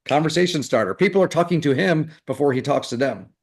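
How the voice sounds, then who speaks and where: A man's voice: on the high side, animated, fast. A man giving recruiting advice in a live webinar, talking loosely with lots of fillers and restarts. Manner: loose, rambling talk full of fillers and restarts. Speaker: recruiting coach. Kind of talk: live webinar coaching session.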